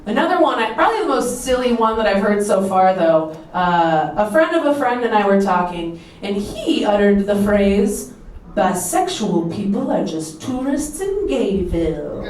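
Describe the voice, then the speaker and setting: A young adult woman from Minnesota doing a stand-up comedy set in a comedy club, playful and animated, jumping up to high exclamations. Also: unhurried, a faint crowd. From Minnesota, USA. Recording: roomy club sound from a distance. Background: audience laughter.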